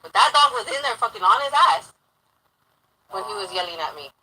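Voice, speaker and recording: A woman's voice: mid-range voice, expressive, brisk, pushed and bright, a little hiss or hum, poor audio. A young woman telling a rambling personal story in casual talk, swearing heavily and getting heated.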